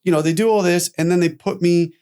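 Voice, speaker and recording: A man guest on a podcast telling his own story candidly, animated, acting out quoted voices and swearing casually. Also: sits high, quick pace, clear, resonant tone.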